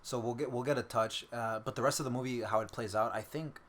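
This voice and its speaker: A man co-hosting a casual fan podcast, excited and swearing freely, often breaking into laughter. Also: mid-range voice, quick pace, a little hiss or hum. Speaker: podcast co-host.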